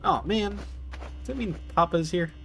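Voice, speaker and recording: A man streaming a game live and chatting casually with his viewers, chatty and excitable and quick to swear. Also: high-pitched, creaky, a little hiss or hum. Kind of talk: casual live-stream chat while gaming.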